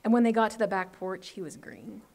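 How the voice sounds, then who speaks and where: A woman author reading her short story aloud at an open mic, in a steady, measured way. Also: mid-range voice, gravelly.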